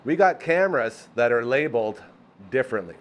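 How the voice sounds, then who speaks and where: An upbeat man hosting a live show from a small studio, his voice swinging widely in pitch. He reads a sponsor spot with playful asides and jokes. He sounds like an animated, enthusiastic pitchman. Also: brisk, lo-fi sound. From Canada. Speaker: host. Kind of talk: live show ad read and chat.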